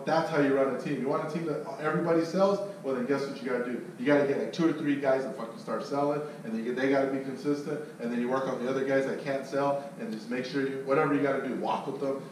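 A man leading a sales team meeting, talking in an intense, profane, pumped-up way. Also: mid-range voice. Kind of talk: motivational team meeting talk. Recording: echoey room from far off with faint noise.

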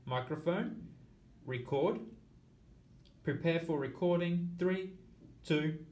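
A man's voice: on the high side, slow, a little mellow, reverberant. A man teaching an app tutorial, explaining each step in order and counting aloud as he goes. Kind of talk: screen-recorded tutorial walkthrough.

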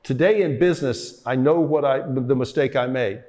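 A man's voice: mid-range voice, normal speed, a little mellow. An older man in an interview, telling stories about his past in a rambling way, full of fillers and restarts. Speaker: interviewee, former football player. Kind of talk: reflective storytelling interview.

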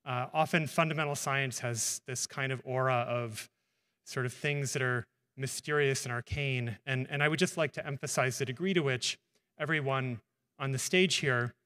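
A man's voice: medium pitch, fairly even intonation, normal speed, bright, forceful tone. Hesitant male moderator, hall reverb. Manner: hesitant, many uh fillers, friendly. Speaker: panel moderator, professor. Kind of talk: unscripted moderating. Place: lecture hall stage.

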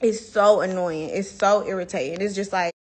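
Speaking at a normal speed in a steady, medium-pitched voice that's a little mellow, this livestream host vents into her phone. The young woman's heated, casual rant is blunt and profane.

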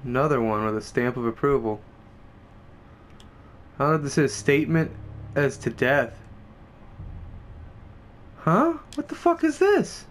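A young man doing casual, profane let's-play commentary who swears a lot and gets excited easily. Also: mid-range voice, unhurried, long pauses, a little hiss or hum. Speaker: gameplay commentator.

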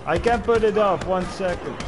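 A man's voice: high voice, moderate pace, crowd noise, noisy background. A man livestreaming a game, chatting casually and greeting players as bro. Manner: friendly, greets players, calls them bro. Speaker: game streamer.

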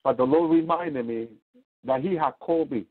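A man's voice: fairly high pitch, moderate pace. A man preaching a fervent radio sermon, repeating his points and rising to cries. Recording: tinny phone-line radio broadcast.

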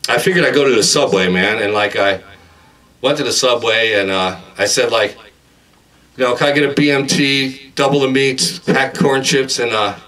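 A man, a singer-songwriter, rambling through comic stories between songs, full of "like" and "uh" and shouting out quoted lines. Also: mid-range voice. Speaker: singer-songwriter performing a home concert. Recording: distant mic under loud guitar.

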